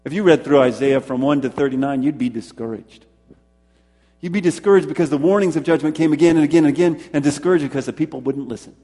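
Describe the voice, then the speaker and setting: Pastor guy preaching, kinda husky and mellow, lots of repeating for emphasis, long echo like a big church hall. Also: medium pitch. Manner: preaching with repeated emphasis, asking the congregation questions. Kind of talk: sermon.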